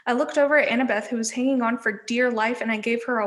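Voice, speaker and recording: A woman's voice: on the high side, fast. Woman reading a novel aloud. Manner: expressive, lively with voices. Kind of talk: storybook read-aloud.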